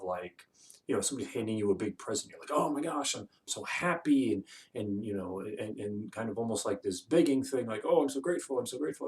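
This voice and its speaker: A man's voice: on the low side, recorded from a distance. A man hosting a short motivational video, talking loosely with many fillers and restarts. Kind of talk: casual talking-head monologue.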